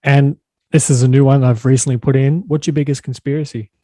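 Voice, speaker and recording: A man hosting a podcast, asking questions in a relaxed, casual way. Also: mid-range voice, no echo, studio quality. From Australia. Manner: relaxed, quick quiz-style questions. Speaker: podcast host. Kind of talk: casual interview chat.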